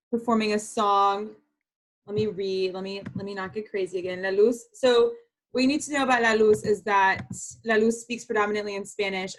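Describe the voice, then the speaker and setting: A woman hosting an online open mic on a video call, talking enthusiastically with fillers. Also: medium pitch.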